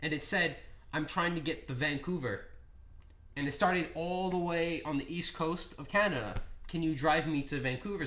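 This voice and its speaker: A man's voice: a little high, a bit bright. A young man, co-hosting a casual podcast and explaining things in long, rambling stretches. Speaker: podcast co-host. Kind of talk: casual chat. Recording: echoey room.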